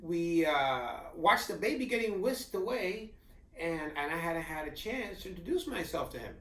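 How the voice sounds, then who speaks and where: A man's voice: a little high, very animated, normal speed, pushed and bright, far from the mic. A young adult man co-hosting a casual chat, telling a story playfully with jokes and acted-out quotes. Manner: playful, joking, acts out quotes. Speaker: co-host. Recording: echoey room, a bit off the mic.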